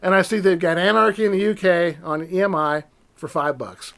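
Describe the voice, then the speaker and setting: A man in his fifties with a fairly high voice tells stories in a relaxed podcast conversation. He is animated and acts out the people in his stories as he goes. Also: a little fast, vocal fry. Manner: storytelling, animated, mimics voices in quotes. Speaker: podcast guest. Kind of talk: casual chat.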